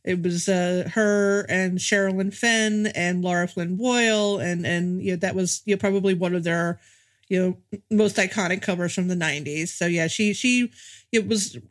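A woman's voice: lowish voice, steady tone, moderate pace. A woman co-hosting a casual film podcast, speaking knowledgeably and conversationally with frequent fillers. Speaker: podcast co-host.

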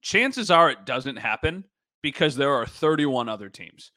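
A man's voice: mid-range voice, big pitch swings, unhurried, sharp tone, no echo. A man co-hosting a sports podcast, chatting casually with a self-deprecating manner. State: just recovered from a nasal cold. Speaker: sports podcast co-host, former TV reporter.

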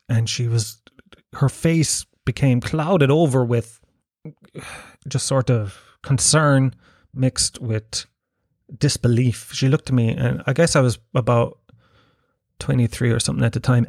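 Man, podcast host, sweary rambling rant, mid-pitched voice, dry sound. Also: darkish tone, dry recording. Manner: profane, rambling, laughs at his own jokes. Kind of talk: casual ranting monologue.

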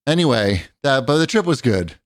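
A man's voice: medium pitch, big pitch swings, normal speed, no echo, studio quality. A man chatting casually as a co-host, telling rambling, profane stories full of fillers. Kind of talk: casual chat.

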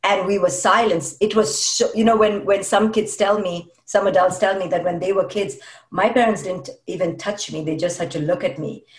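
A woman with a mid-range voice speaks at a normal pace with fairly even intonation, sounding emphatic and repeating words for stress. She's a guest discussing parenting in conversational podcast talk, recorded off-mic and far away in a roomy space.

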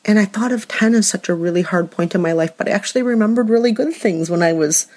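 A woman's voice: medium pitch, fast, a little mellow. A woman co-hosting a podcast, talking earnestly and at length in casual chat. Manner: earnest, rambling storyteller. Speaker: podcast co-host.

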